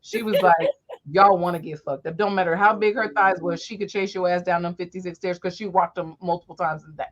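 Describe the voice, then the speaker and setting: Brief: woman podcast host, mid-pitched, lively storyteller, crude, a bit muffled sound. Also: fairly quick. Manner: animated, profane, swings high when acting out quotes. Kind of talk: casual storytelling chat.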